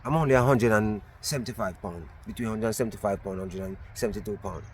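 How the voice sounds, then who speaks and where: A man's voice: lowish voice, fast, slightly rough. A man with a Jamaican accent telling a story in a casual vlog. He talks animatedly and often restarts his phrases, recorded outdoors on a camera on a tripod. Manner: animated retelling with repeated restarts. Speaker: vlogger.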